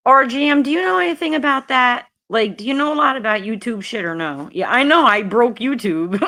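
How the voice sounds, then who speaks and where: A woman's voice: a little high, big pitch swings, unhurried, sharp tone, no room sound. A woman hosting a casual livestream, chatting bluntly and profanely with her viewers. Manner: blunt and profane, talking straight to the chat. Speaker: livestream host.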